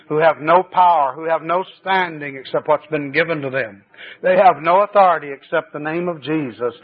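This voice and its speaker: A man preaching a fervent sermon at a church service, his voice swinging between high exclamations and low, confiding asides. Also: breathy edge. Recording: tinny old cassette tape recording.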